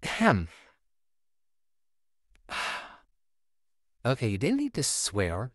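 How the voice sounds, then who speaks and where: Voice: wildly swooping pitch, extremely slow, no echo, full character voice. A performer voicing a flustered, sarcastic male puppet neighbor stuck babysitting a child, in a home-made fan audio drama with a close, dry home mic. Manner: sarcastic, easily flustered, wildly swinging pitch.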